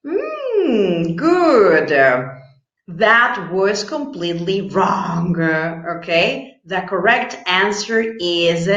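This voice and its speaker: Slow, encouraging woman teaching English. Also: lowish voice, sing-song, a bit bright. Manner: slow, encouraging, repeats example sentences. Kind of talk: grammar lesson with exercises. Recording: echoey room, dull lo-fi sound.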